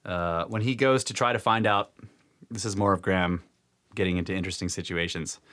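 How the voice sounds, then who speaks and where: A man co-hosting a podcast, casually retelling a book's story with lots of fillers and acted-out quotes. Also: brisk. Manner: animated retelling, acts out quotes with pitch jumps, laughs often. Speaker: podcast co-host retelling a book.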